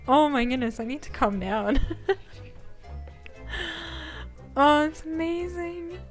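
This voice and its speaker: A woman's voice: sits high, expressive, slow. A young woman streaming a game live, gushing and giggling as she reacts, with game music behind. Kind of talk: live gameplay commentary.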